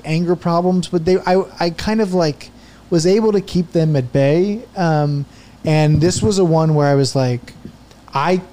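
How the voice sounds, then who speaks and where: A man's voice: on the high side, dark tone. A man in his thirties, a podcast guest, telling a rambling, profane story in casual chat.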